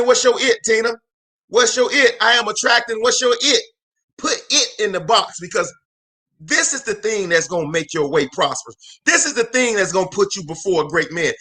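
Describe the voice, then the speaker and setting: Alone in a room, a man hosts a live motivational show in a voice that sits high. Like a preacher, he calls out to his viewers, repeating phrases with energy and emphasis.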